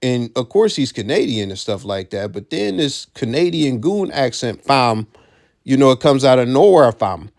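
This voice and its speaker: A man's voice: medium pitch, animated, moderate pace, gravelly, hardly any pauses, darkish tone. A man giving casual commentary, blunt and profane, who repeats his key points for emphasis.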